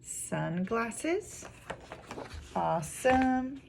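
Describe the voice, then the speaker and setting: A woman's voice: fairly high pitch, big pitch swings, extremely slow. A young woman teaching a phonics lesson to small children, drawing out each word syllable by syllable in a sing-song way. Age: young adult. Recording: clear background noise.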